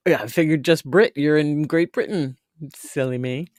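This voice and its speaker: A woman's voice: low-pitched, moderate pace, a little mellow, no room sound, studio quality. A woman hosting a casual live stream, chatting affectionately and greeting viewers by name. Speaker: livestream host. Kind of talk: casual livestream chat.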